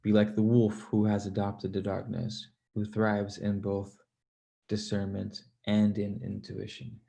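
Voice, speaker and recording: Gravelly, low-voiced man ranting casually. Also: a little slow. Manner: animated, swears freely, laughs between points. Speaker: livestream host reading viewer comments. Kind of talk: casual livestream chat.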